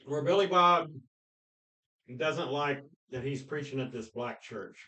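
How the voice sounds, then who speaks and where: Animated man retelling film scenes. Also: mid-range voice, a little slow, rough recording. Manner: animated storyteller, acts out quoted lines loudly, laughs often. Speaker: podcast co-host. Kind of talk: casual film discussion.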